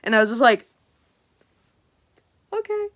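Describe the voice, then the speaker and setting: A woman's voice: lowish voice, moderate pace. A young woman vlogger casually telling a story, swearing freely and acting out what people said. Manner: animated, swears freely, acts out quotes.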